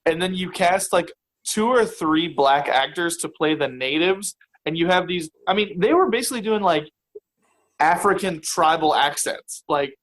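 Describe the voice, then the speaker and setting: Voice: medium pitch, lively intonation, normal speed, fairly bright tone, a little hiss or hum, low-quality recording. A podcast guest in casual chat, talking hesitantly with many fillers and restarts.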